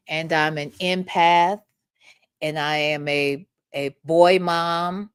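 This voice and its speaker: A woman's voice: low-pitched, steady tone, very slow, clear, resonant tone, no room sound, clean studio sound. A woman hosting a casual commentary livestream and reading chat comments, emphatic and profane, tagging lines with "okay?". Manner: emphatic and repetitive, profane, keeps adding "okay?". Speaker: host.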